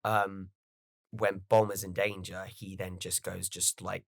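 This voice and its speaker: A man hosting a podcast, chatting casually and excitedly as a fan, swearing freely. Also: low voice, unhurried, creaky, no echo, clean studio sound. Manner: animated, swearing, fan enthusiasm. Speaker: podcast host. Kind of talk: casual chat.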